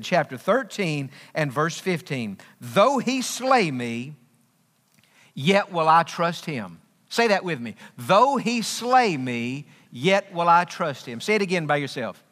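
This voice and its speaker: A man's voice: fairly high pitch, sharp tone. A man preaching a sermon as pastor, emphatic and repetitive, with folksy humor. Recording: long reverb of a large hall.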